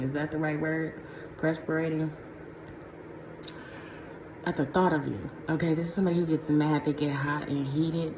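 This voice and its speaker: A woman doing a casual pick-a-pile tarot reading for her viewers, talking in a slangy, profane, conversational way from a room at home. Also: deep voice. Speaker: tarot reader. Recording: echoey room with clear background noise.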